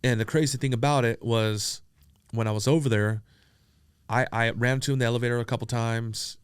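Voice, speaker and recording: A man's voice: mid-range voice, fairly quick, clear, resonant tone, dry recording. Profane, storytelling man, dry close mic. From San Diego, USA. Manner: profane, animated, acts out quoted dialogue. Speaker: entrepreneur guest. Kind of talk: casual storytelling interview.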